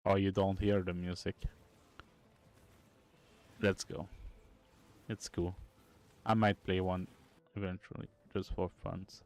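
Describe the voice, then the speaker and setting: Low, gravelly man muttering while he works. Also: little pitch movement. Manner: quiet, muttering to himself, halting phrasing. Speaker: game developer streamer. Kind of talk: casual livestream commentary while coding and gaming.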